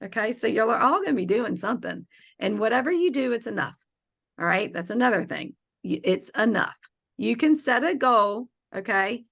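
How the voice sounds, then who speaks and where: A woman's voice: fairly high pitch, lively intonation, fairly quick, vocal fry, a bit bright. Upbeat woman teaching an online class. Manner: upbeat, chatty, coaxing the class. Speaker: feng shui teacher.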